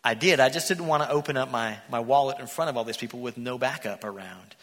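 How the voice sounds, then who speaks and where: Bright-voiced preacher in an echoey church. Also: male voice, mid-range voice, fast talker. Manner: animated storyteller, acting out the characters. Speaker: pastor. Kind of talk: sermon. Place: church sanctuary.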